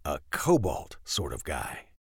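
Reader does a gruff, wry mechanic who haggles with a drawl; animated, close and dry. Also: male voice, very deep voice, slow, dry recording, pitched below the performer's own voice, full character voice. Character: wry, gruff small-town male garage owner. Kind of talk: audiobook character voice.

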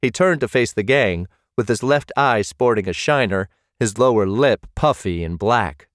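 A man reading scripted narration for an audiobook at a measured pace. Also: lowish voice, animated, no room sound, clean studio sound.

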